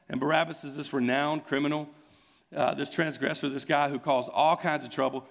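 Retelling a scene from the pulpit, this pastor sounds earnest and conversational. His voice is a little high, a bit bright and creaky, with fairly even intonation and a brisk delivery.

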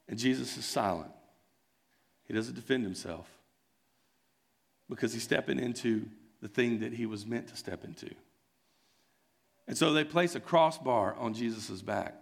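A man's voice: mid-range voice, creaky. Earnest man telling a story in a sermon. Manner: retells scenes with voiced quotes, conversational and earnest. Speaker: pastor.

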